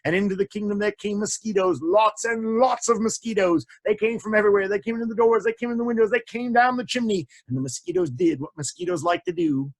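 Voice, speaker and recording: A man telling stories to children in an animated, sing-song way, often repeating phrases and talking to the kids. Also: sits high, fast, hardly any pauses. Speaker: children's storyteller.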